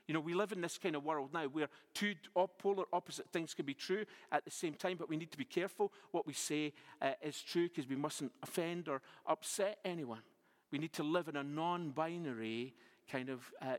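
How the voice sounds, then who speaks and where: Male preacher, bright high register, teaching verse by verse; reverberant church hall. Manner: expository Bible teaching with rhetorical questions. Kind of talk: sermon.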